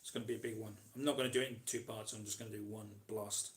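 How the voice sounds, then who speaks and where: A man's voice: fairly low pitch, level tone, very fast. Chatty British man rambling through a live Q&A. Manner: rambling, chatty, with many ums and restarts. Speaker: host answering live chat questions. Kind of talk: casual live Q&A chat.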